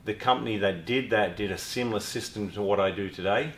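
Easygoing Australian man, fairly low voice. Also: brisk, reverberant, a little hiss or hum. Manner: easygoing, rambling storyteller. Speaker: business owner. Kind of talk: casual interview.

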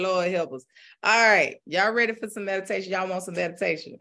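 Low-voiced woman preaching and guiding meditation. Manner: preaching with rising fervor, then slow calm guidance. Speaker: spiritual teacher. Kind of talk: sermon then guided meditation.

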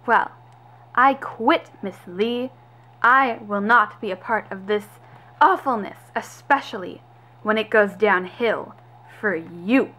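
A woman's voice: mid-range voice, takes it slowly, sharp tone, a little hiss or hum. A woman playing an outspoken, fed-up lab assistant. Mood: indignant. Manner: raised, indignant talk.

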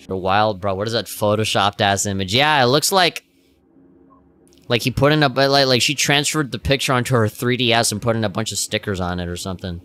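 A man's voice: on the low side, steady tone, brisk, bright, forceful tone, smooth. A man streaming a game, reacting with jokes, laughs and swearing in casual commentary.

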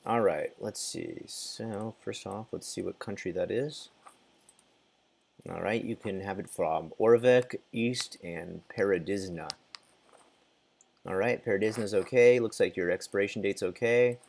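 A man's voice: lowish voice, measured pace, vocal fry, a little mellow, slight background noise. A man casually commenting as he plays a game, muttering, reacting and sometimes swearing. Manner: mutters and reacts while playing, swears, laughs. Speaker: gaming channel host.

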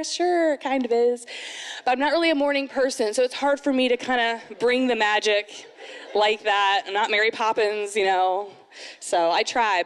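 A woman in her thirties performing a stand-up comedy set, animated, jumping into sudden high put-on voices. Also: long reverb tail. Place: live comedy event venue.

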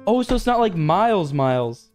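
A young man streaming a video game live, reading the on-screen text aloud and breaking into excited, high exclamations. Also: moderate pace, faint music behind.

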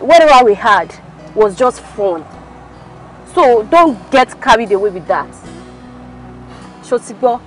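A woman's voice: a little high, natural voice. An actress playing a young Nigerian woman who is brash and dismissive, switching between Yoruba and English. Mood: cold dismissive. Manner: mixes Yoruba and English, blunt. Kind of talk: Nollywood film acting.

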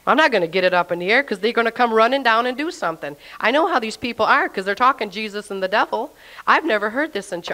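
Speaking fast at a fairly high pitch, this woman recounts her faith journey with lively, chatty storytelling and performs her own past words as she goes.

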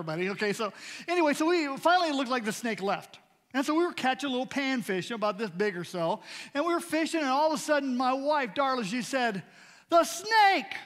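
A man in his sixties gives a storytelling sermon as a guest preacher, his fairly high voice carrying through a long church reverb. He talks in a folksy, jokey way and keeps asking the congregation to follow along. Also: a bit bright. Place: church sanctuary.

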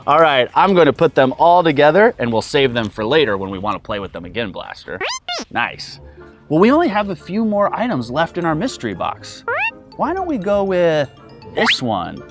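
A man hosting a children's educational show, talking to young viewers in an excited, exaggerated way. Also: a little high, normal speed, over music. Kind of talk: upbeat kids' educational presenting.

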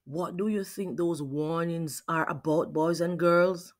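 A woman reading a picture book aloud to children, asking her young listeners questions as she goes. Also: lowish voice. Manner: slow, expressive, asks questions of listeners. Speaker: children's read-aloud host.

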